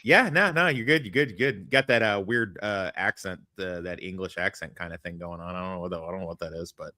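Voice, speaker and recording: A man's voice: low voice, fast, bright, forceful tone, dry recording, studio quality. A man hosting a podcast in casual, crude chat, rambling and joking at his own expense. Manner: rambling, self-deprecating, crude jokes. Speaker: podcast host.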